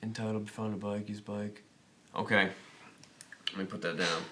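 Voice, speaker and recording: A man hosting a casual livestream, reading viewer questions aloud and thinking out loud in a rambling, jokey way. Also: lowish voice, fairly even intonation, normal speed, echoey room. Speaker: host of a motorcycle dealership livestream.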